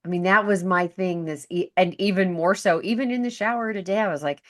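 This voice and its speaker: A woman's voice: fairly low pitch, brisk, a bit bright. A woman co-hosting a podcast, chatting casually and chiming in often. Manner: chatty, agreeable, jumps in often. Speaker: podcast co-host. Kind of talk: casual chat.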